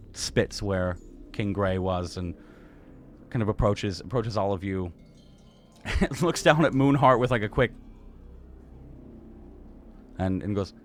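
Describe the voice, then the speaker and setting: A young man in casual chat as dungeon master, narrating a tabletop game in a halting, laid-back way with many fillers. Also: lowish voice.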